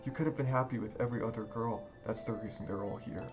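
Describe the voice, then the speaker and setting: A man reading a calm mysterious young pioneer, even and knowing, lowish voice, game music underneath. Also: fast, highs cut off, natural voice.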